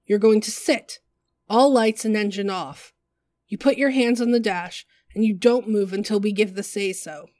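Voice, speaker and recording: A woman's voice: medium pitch, moderate pace, a little mellow, no room sound, close to an everyday voice. Give me a woman playing a coarse, threatening villainess giving orders, close and dry. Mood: menacing. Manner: coarse, profane, commanding. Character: menacing female villain, crude and threatening.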